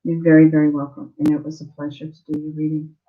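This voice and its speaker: A woman's voice: deep voice, monotone, quick pace, phone-quality sound. A woman giving a live online tarot reading, earnest and emotional, often checking in with the listener. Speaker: tarot reader.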